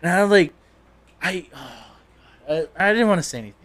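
A man's voice: high-pitched, expressive, normal speed, fairly bright tone. A young man casually telling stories to a friend, swearing freely and laughing often. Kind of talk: casual storytelling chat.

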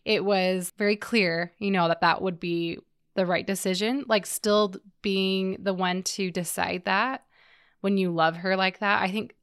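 Young woman host, gentle interviewer, gravelly fry in a smooth voice, dry close sound. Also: mid-range voice, steady tone, measured pace, dry recording. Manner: gentle, empathetic, frequent "like" fillers. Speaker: podcast host. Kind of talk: interview conversation.

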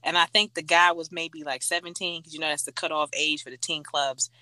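A young adult woman in casual chat, telling stories bluntly and laughing loudly. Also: deep voice, fairly even intonation, fairly quick, no echo.

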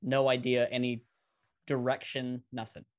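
A man's voice: medium pitch, completely flat delivery, measured pace. A man in casual chat, rambling and swearing freely, laughing often.

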